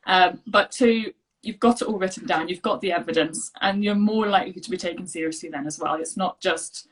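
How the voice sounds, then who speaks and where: An allergy health coach, appearing as a guest, chats casually over a video call in a conversational interview, with lots of fillers and restarts. Her voice is lowish and a little fast, and the recording is low quality.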